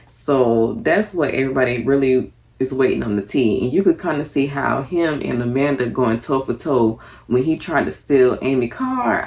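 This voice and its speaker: A woman's voice: a bass voice, gravelly, a little mellow. A young woman casually reviewing a reality TV episode, chatty and earnest, with lots of fillers. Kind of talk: casual reaction commentary.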